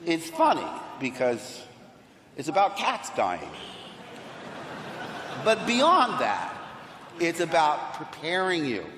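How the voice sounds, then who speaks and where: A man's voice: fairly high pitch, wildly swooping pitch, slow pace, pauses often, a bit bright. A man telling anecdotes as an actor on a convention panel, acting out the people in his stories. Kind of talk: anecdotal storytelling on a convention stage. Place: large convention hall. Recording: echoey hall with faint crowd noise.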